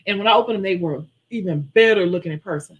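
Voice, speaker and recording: Brief: woman nail-tech host, chatty live-stream storyteller, mid-pitched voice. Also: quick pace, muffled recording. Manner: chatty, animated storyteller who acts out her own quotes.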